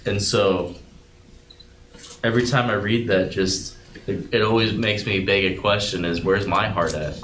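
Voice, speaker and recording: A man's voice: on the low side, fairly even intonation. A man reading scripture aloud at a Bible study, then reflecting on it in an earnest, thoughtful way. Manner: earnest and reflective, with some halting restarts. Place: room at a group Bible study. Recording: echoey room with loud background noise.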